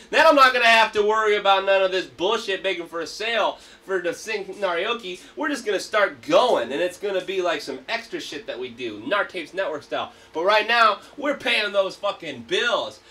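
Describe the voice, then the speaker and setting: A man's voice: sits high, big pitch swings, normal speed, few pauses, sharp tone, distant mic. A man hosting a casual livestream, ranting in a hyped, profane way. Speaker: livestream host.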